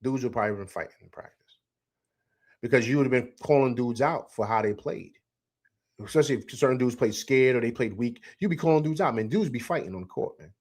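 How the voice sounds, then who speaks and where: At a brisk clip and in a mid-range voice, a middle-aged host works through his live postgame sports show. He is animated and emphatic, reading chat comments out loud, answering them, and saying things more than once.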